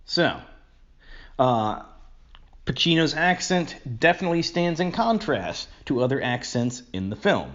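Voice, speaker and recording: A man's voice: on the high side, big pitch swings, measured pace, fairly bright tone. A man narrating a video essay on a period film in an analytical, hesitant way, with many filler words. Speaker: film commentator. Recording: dull lo-fi voice-over.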